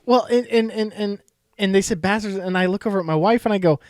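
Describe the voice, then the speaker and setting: A man's voice: high-pitched, fast talker, a little mellow, no echo, studio quality. A man co-hosting a casual chat, blunt and swearing freely, with stammering restarts. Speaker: podcast co-host.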